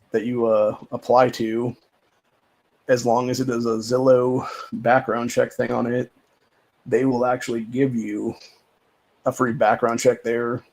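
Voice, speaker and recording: On a low-quality recording, a livestream host with a medium-pitched, darkish voice goes on a rambling, profane, casual rant, repeating the same filler phrases over and over.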